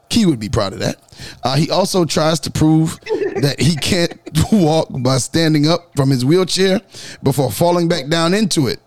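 A man hosting a podcast, reading news stories in a lively, joking way. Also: fairly high pitch, moderate pace, no room sound. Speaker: podcast host. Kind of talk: casual podcast news chat.

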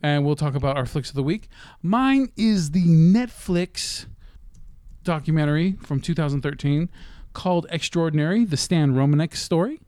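Male podcast co-host, fairly high-voiced, rambling and laughing, dry close mic. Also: lively intonation, normal speed, darkish tone, no room sound. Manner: rambling, swearing, laughing often. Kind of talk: casual chat.

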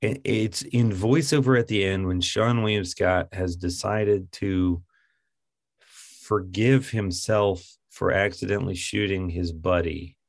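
Gravelly man in lively film chat. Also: sits low, slow pace. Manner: animated, exasperated, incredulous outbursts. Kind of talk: casual film review chat.

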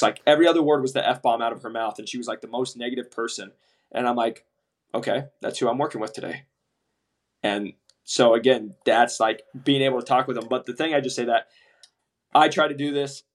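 Man telling animated work stories. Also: medium pitch, a little fast. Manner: animated storyteller, acts out quoted voices, swears casually. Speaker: medical device sales rep, podcast co-host. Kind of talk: casual podcast chat.

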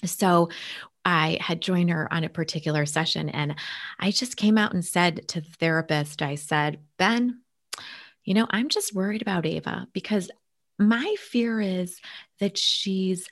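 A woman's voice: lowish voice, takes it slowly. A woman telling a personal family story in casual conversation, earnest, sometimes dropping to a near-whisper. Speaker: guest sharing a family story.

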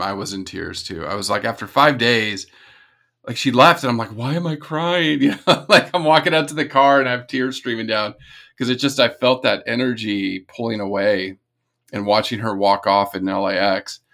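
This American man has a low, gravelly voice with a lot of fry. He tells his story as a guest in an easy, lively way and often breaks into laughter. He sounds relaxed and conversational throughout. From California. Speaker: podcast guest. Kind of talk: casual storytelling.

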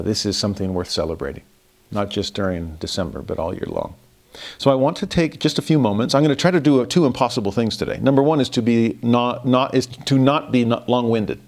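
A man's voice: fairly low pitch, darkish tone. A man, giving a devotional Christmas lesson in an earnest, reflective way with some self-deprecating humor. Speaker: religious teacher.

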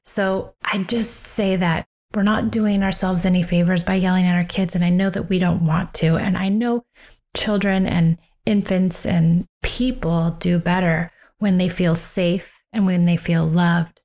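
A woman with a fairly low voice shares parenting advice on her own podcast. She sounds calm, earnest and reflective, and she slows down on the phrases she wants to land. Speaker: parenting coach and podcast host.

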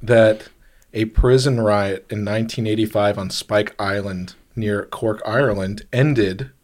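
A man's voice: lowish voice, steady tone, measured pace, a little mellow. A man co-hosting a podcast in casual chat, rambling and restarting his sentences often. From grew up overseas. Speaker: podcast co-host.

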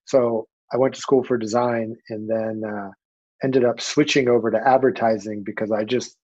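A man as a podcast guest, telling his story in a relaxed, rambling way with casual swearing. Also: medium pitch, highs cut off. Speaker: podcast guest, company founder.

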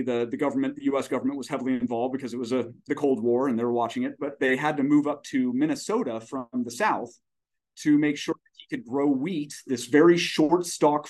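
Speaking in a darkish, medium-pitched voice, a fortyish startup CEO chats as a guest on a podcast. He's folksy and expansive in this conversational interview, spinning long storytelling tangents.

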